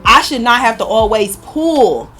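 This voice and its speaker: Profane, animated young woman storyteller. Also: fairly high pitch, unhurried. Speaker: podcast host. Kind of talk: casual monologue. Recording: music playing behind.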